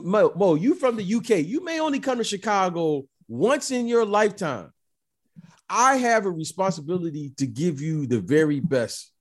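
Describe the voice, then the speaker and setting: A middle-aged man telling stories in a casual chat, emphatic and animated, often repeating the listener's name. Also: a little high. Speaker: former basketball player, guest.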